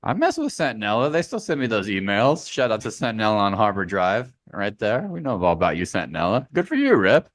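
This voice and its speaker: A man's voice: on the low side, very animated, fairly quick, hardly any pauses, dry recording. A man co-hosting a podcast in casual chat, riffing loosely with slang and the odd swear word. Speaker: podcast co-host.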